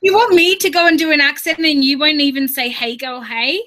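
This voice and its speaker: Brief: woman co-host, high and bright voice, playful, reads comments aloud in casual chat. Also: quick pace. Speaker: co-host reading viewer comments.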